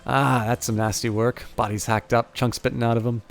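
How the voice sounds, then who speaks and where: A man's voice: mid-range voice, level tone, brisk, vocal fry, natural voice. A man voicing a brash, wry former ranger turned mercenary, blunt and folksy, in a near-everyday voice.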